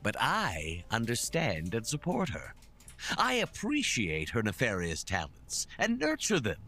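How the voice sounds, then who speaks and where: An actor playing a scheming, menacing crime-boss father in a video game, speaking smugly and deliberately. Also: medium pitch, huge pitch swings, pushed and bright, soft background music, heavily acted. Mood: condescending. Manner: smug, menacing, slow deliberate delivery.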